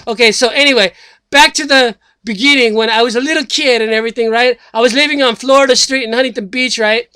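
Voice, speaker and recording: A man's voice: very high voice, fairly even intonation, quick pace, pushed and bright, clear, resonant tone, no echo. A man playing a rambling slacker who announces a presidential run, talking in a loose comedic monologue full of fillers and swearing. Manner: rambling, filler-heavy, swears, loses his thread. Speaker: self-styled presidential candidate.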